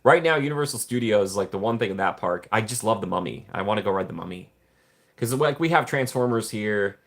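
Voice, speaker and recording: A man's voice: lowish voice, expressive, brisk. A man hosting a casual livestream, rambling and joking while he reads viewer chat. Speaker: livestream host.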